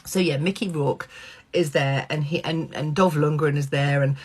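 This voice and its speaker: A middle-aged woman vlogger telling a personal anecdote, animated, swearing freely and acting out quoted lines. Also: sits low, normal speed, breathy edge.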